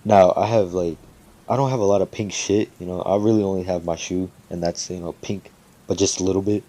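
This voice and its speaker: A man's voice: deep voice, fairly even intonation, brisk, dark tone. A man casually making up and telling a fan story, rambling with lots of fillers and swearing freely.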